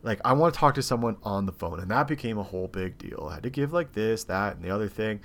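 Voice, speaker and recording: A man co-hosting a podcast, telling a story in casual, animated, exasperated bursts full of swearing. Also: lowish voice, fast, creaky. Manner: animated, profane, exasperated retelling. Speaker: podcast co-host. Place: seated in a podcast studio chair.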